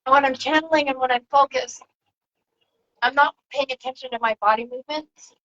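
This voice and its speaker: A woman talking casually on her own broadcast as a spiritual channeler, soft and reflective, drifting from one thought to the next. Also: high voice, fairly even intonation, a little fast, lo-fi sound. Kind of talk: casual spiritual livestream talk.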